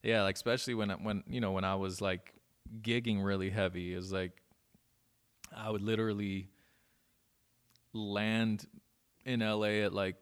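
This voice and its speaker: A man's voice: lowish voice, little pitch movement, moderate pace, pauses often, clean tone. A man in his thirties, a guest DJ chatting casually on a podcast, laid-back and swearing, with lots of restarts.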